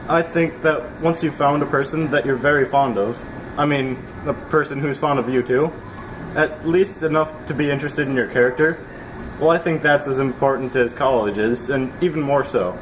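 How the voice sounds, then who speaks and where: A man playing an earnest young man about to marry, speaking in a halting, sincere way in an amateur stage play. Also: mid-range voice, lightly acted. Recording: noisy with traffic behind.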